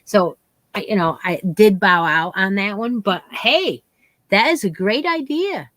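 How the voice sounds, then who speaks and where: A woman's voice: mid-range voice, expressive, measured pace, a bit bright, no room sound. A woman co-hosting a craft livestream, chatting casually and upbeat about her make-alongs. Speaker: co-host of a crochet and craft livestream. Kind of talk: casual chat.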